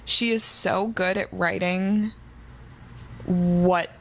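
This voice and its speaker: Chatty woman with a gravelly edge. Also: on the low side, fairly even intonation, extremely slow, low-quality recording. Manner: chatty, recapping the plot with enthusiasm. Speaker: podcast co-host. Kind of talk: casual book discussion.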